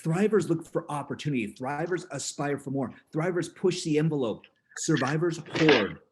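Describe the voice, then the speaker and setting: A man giving a motivational talk, animated, laughing often and acting out voices in his stories. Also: fairly high pitch, moderate pace, slight background noise. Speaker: motivational speaker.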